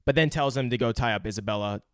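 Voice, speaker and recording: Young male podcast co-host, smooth clear tone, dry close mic, casual profane film recap. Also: mid-range voice, fast talker, no echo. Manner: loose, profane retelling of film scenes. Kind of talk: casual movie-review chat.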